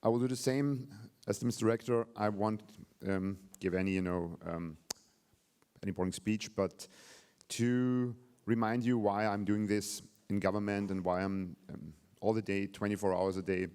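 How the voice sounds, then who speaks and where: A man's voice: lowish voice, a little mellow. A man in his forties with an Austrian German accent gives an informal, direct public speech as a government official. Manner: informal and direct, with fillers like "you know" and "yeah". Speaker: government state secretary giving a speech.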